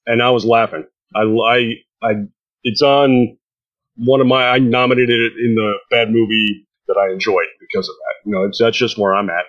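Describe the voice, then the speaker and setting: A man's voice: mid-range voice, steady tone, moderate pace, a bit bright, dull audio. A man on a podcast panel chatting casually, rambling and self-deprecating.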